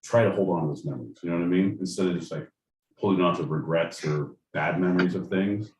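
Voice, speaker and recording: Low-voiced rambling man in an echoey room. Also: fast talker, far from the mic, background noise. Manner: rambling, swears freely, lots of fillers like "like" and "man". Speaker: podcast co-host. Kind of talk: casual chat.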